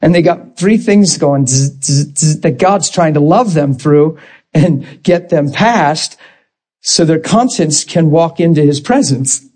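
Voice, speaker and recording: A man preaching a sermon as a pastor, moving between calm talk and emotional shouting. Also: fairly high pitch, measured pace.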